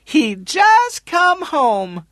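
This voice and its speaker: A man's voice: very high voice, wildly swooping pitch, drawn-out words, a bit bright, dry recording, studio quality, pitched above the performer's own voice, full character voice. A man voicing a middle-aged woman who answers the phone in clipped broken English. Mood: curt.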